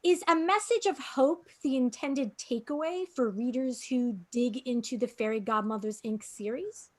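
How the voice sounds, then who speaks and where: A woman host from New York City interviewing a guest. Her voice sits high, and she asks her prepared questions in a friendly way. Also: moderate pace. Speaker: podcast host.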